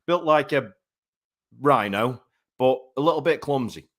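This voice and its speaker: Man, thirties, live show host, rambling casual chat, mid-pitched voice. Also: expressive, a little slow, fairly bright tone. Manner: chatty, rambling, lots of fillers. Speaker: boxing show host and commentator. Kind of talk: live-stream talk show hosting.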